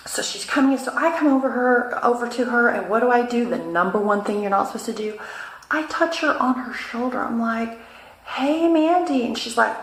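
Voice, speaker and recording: A woman vlogger giving casual advice and telling a personal story in a chatty, animated way with fillers. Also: a little high, roomy sound, poor audio.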